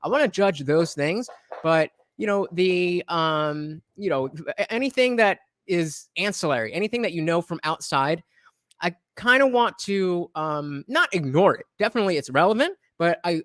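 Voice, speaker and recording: A man's voice: high voice, fairly bright tone, no room sound. Streamer host, male, loose rambling commentary, dry close mic. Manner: rambling, frequent fillers and restarts, blunt with swearing. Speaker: streamer reacting to a debate clip. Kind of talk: casual reaction commentary.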